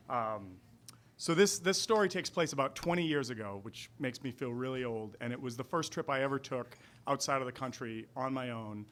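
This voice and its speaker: A man's voice: medium pitch, fairly bright tone. A man in his forties with a Boston accent, telling a wry, self-deprecating story at a live storytelling night in a restaurant. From Boston area.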